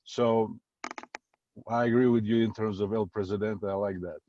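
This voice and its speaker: A middle-aged Uzbek guest on a video call speaks plainly and casually, with slightly non-native phrasing. His lowish voice is warm and steady at a normal speed. The call audio is dry, dull and lo-fi, with slight background noise.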